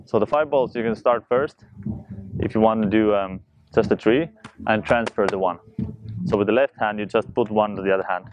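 A man teaching a juggling tutorial, talking fast and loosely while he demonstrates. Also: lowish voice, lo-fi sound, a little hiss or hum. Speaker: juggling instructor. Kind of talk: casual spoken tutorial.

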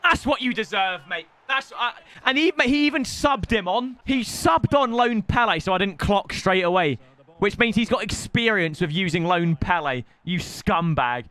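Young streamer guy, really lively pitch, shouty and hyped, mocking the other player. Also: moderate pace. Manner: excitable, bursts into shouts, trash-talks his opponent. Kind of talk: gameplay commentary.

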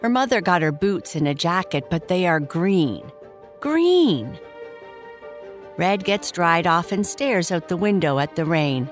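A woman hosting a bedtime story show, reading listener shout-outs and narrating a children's story in a slow, soothing way. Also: fairly low pitch, faint music behind. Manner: slow, soft and soothing, reading names warmly. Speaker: storyteller host.

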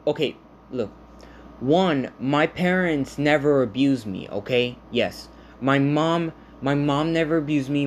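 A man talking casually to his viewers in a halting, rambling way, full of restarts, earnestly reassuring them. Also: mid-range voice, a little mellow, slight background noise. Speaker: vlogger. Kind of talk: casual talk to camera.

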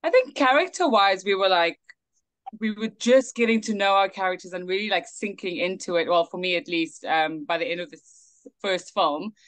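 A young South African actress chatting with laughter and animated stories in a video call interview. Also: female voice, medium pitch, moderate pace. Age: young adult. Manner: bubbly, laughing, animated storytelling. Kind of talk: casual interview chat.

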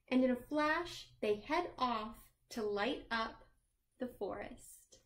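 Slow, gentle woman reading a children's story. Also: fairly high pitch. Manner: sings the chorus lines in a lilting voice. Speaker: librarian reading aloud. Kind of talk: children's read-aloud.

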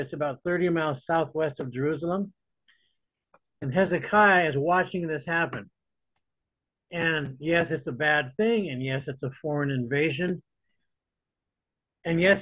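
A man's voice: on the high side, no room sound. A man teaching a church Bible study in a conversational way, often repeating words as he restarts. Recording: dull lo-fi dry recording.

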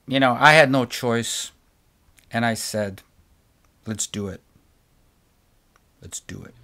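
A middle-aged guitar maker selling stands speaks off the cuff to camera, ranting passionately and repeating words for emphasis. His voice is on the low side with a fairly bright tone.

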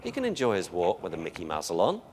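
A man's voice: sits low, wildly swooping pitch, fast, a little mellow, a little hiss or hum. A man giving a live lecture on dog behavior in a chatty, joking, anecdotal way.

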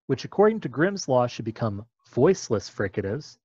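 A man's voice: mid-range voice, lively intonation, normal speed, few pauses, no room sound, dull audio. A man explaining a topic step by step in a patient, methodical lecture.

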